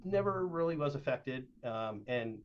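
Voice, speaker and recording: A man's voice: mid-range voice, expressive, a little slow, dull audio. A middle-aged man from Southern Oregon, a youth baseball coach and podcast guest, telling long casual stories with lots of fillers. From Southern Oregon, USA. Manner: rambling, with frequent "uh" and "like", acting out quoted dialogue.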